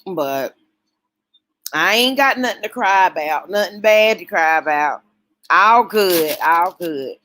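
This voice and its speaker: A woman hosting a casual late-night livestream, talking warmly and emotionally with her viewers. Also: on the low side, lively intonation, takes it slowly. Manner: emotional, folksy, talks straight to chat.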